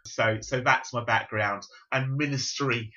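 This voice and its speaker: A man in his fifties from South London, speaking with a London accent as a bishop being interviewed on a podcast, explaining in a measured, reflective way. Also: mid-range voice, steady tone, sharp tone. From South London, England. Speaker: Pentecostal bishop, guest. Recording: dull lo-fi recording.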